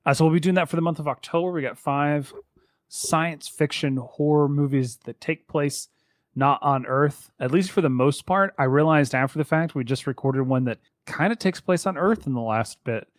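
A man co-hosting a podcast in casual chat, rambling with quick asides. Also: fairly high pitch, no room sound. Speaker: podcast co-host.

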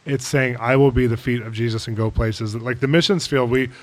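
A man's voice: mid-range voice, a little fast. A man hosting a podcast interview, telling a story with rising enthusiasm. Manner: animated storyteller, swells with enthusiasm. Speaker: podcast host.

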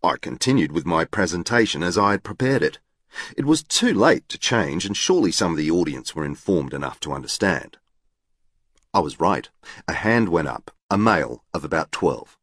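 A man narrates an audiobook with a deep voice in a formal, exact and literal manner. His delivery rises and falls in a lively way and sounds close and dry. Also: moderate pace, no room sound. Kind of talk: scripted narration.

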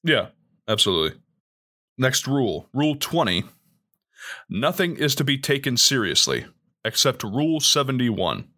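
Young male podcast co-host, bright tone, very animated delivery, casual and jokey. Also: mid-range voice, moderate pace, long pauses. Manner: animated, reads rules aloud with jokey asides. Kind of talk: casual chat.

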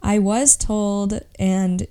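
A woman's voice: medium pitch, fairly even intonation, drawn-out words, dark tone, clean tone. A woman co-hosting a faith podcast, chatting in a laid-back, self-deprecating way. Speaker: podcast co-host. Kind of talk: casual chat.

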